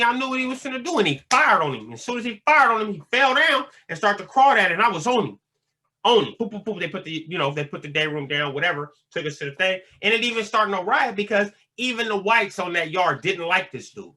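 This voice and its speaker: A man's voice: sits high, expressive, fast talker, sharp tone. A man telling prison stories in a laid-back, slangy way with lots of fillers. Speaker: vlogger talking about prison life. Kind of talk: casual storytelling monologue.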